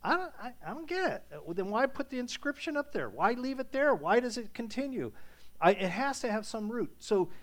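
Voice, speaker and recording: Animated, high-voiced preacher thinking aloud. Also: male voice, a little fast. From Irish ancestry. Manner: conversational, repeats words while thinking aloud; reads scripture with rising intensity. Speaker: pastor. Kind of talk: sermon.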